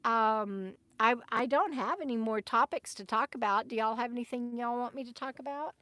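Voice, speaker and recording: A woman's voice: fairly high pitch, moderate pace, fairly bright tone, no room sound. A woman hosting a casual live stream from her RV, chatting and laughing as she reads out viewer comments. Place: RV camp in the desert.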